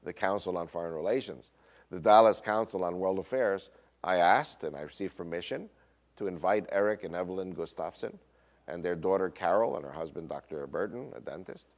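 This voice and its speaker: An American man with a Northern US accent telling a personal story in a lecture, quoting others and often pausing on fillers. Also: sits low. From United States. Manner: animated retelling with quoted voices, frequent uh fillers. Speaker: speaker.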